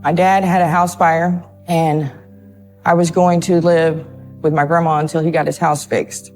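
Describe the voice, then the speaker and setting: A nervous woman speaks haltingly in an interview, often repeating her words as she tells her account. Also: sits low, level tone, a little mellow, soft background music. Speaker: interviewee in a true crime documentary. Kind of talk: emotional interview testimony.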